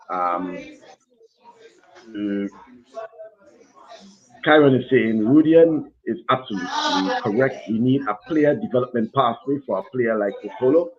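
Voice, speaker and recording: Low-voiced man with a muffled sound. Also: unhurried, long pauses. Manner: reads listener comments aloud. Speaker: talk show host. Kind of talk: radio talk show hosting, reading listener comments.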